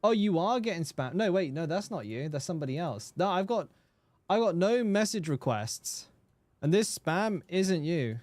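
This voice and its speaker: A man's voice: high voice, sing-song, moderate pace, a little mellow, dry recording. A man streaming a game and chatting casually with viewers, swearing freely and often repeating words. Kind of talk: casual live-stream chat.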